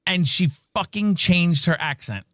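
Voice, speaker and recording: Heard in echo-free studio audio, a male co-host of a livestreamed podcast narrates a story animatedly, laughing often and voicing the people he quotes. He talks a little slowly in a voice that sits high.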